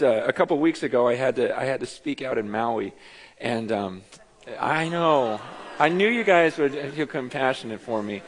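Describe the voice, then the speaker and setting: A middle-aged man pastor preaching a conversational, animated sermon, telling stories with self-deprecating asides. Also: medium pitch. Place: church sanctuary. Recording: reverberant church hall.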